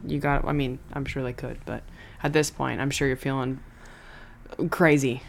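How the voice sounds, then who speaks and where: A woman's voice: very deep voice, fairly even intonation, moderate pace, gravelly, slight background noise. A woman co-hosting a podcast, reacting in a playful, teasing way during a casual chat. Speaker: podcast co-host.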